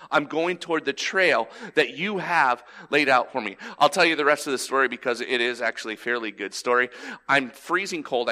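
A man, telling a personal story in a sermon and acting out the lines he quotes. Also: fairly high pitch. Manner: animated, acts out quoted lines. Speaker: pastor.

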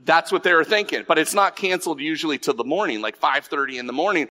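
A middle-aged male pastor with a bright, forceful voice pitched a little high. He preaches in animated bursts, stumbling over restarts and tossing asides to the congregation. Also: fast talker. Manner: animated storytelling, many restarts and asides to the audience. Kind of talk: sermon with personal stories.

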